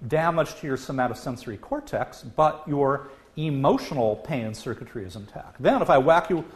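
A man giving a public science lecture as a professor, talking in an animated way with frequent filler "uh". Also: mid-range voice, moderate pace. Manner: lively, animated delivery, acts out quoted voices.

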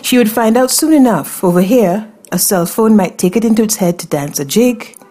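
A woman narrating a first-person fantasy story in a wry, expressive way. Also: mid-range voice, normal speed.

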